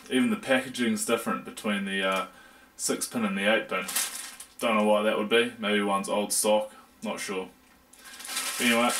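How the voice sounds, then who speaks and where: A young man with a New Zealand accent and a lowish, slightly bright voice gives a casual, jokey hands-on review of computer parts. As a tech reviewer, he rambles and uses lots of fillers.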